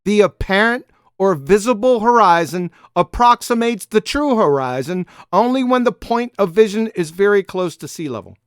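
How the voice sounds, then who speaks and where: A man running a live call-in debate, reading out definitions at a measured pace and firmly holding his ground. His voice is smooth and clear, recorded close and dry with no room sound. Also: high-pitched, animated, no echo. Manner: reads definitions aloud slowly, insists firmly. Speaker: host.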